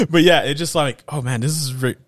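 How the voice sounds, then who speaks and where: A man's voice: on the high side, very animated, moderate pace, no room sound, clean studio sound. A man co-hosting a casual film podcast, laid-back and chuckling, often trailing off mid-sentence. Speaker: podcast co-host.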